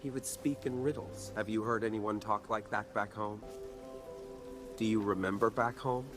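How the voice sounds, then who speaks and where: Guy doing a low soft wise mentor voice, slow, music under it, kinda distant. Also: steady tone, natural voice. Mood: hushed wise. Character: calm, wise older male mentor, hushed.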